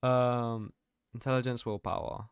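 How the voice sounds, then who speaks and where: A man's voice: mid-range voice, level tone, measured pace, clear, resonant tone, no room sound. A young man streaming a game, chatting casually, reading out his chat and laughing often. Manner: slangy, reads chat aloud, laughs often.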